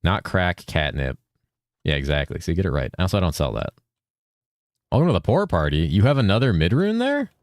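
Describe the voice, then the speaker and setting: A California man streams a game, speaking fairly quickly in a low, very animated voice, recorded dry and clean in studio quality. He's relaxed with viewers, reads out chat, curses regularly and drops "dude" every chance he gets.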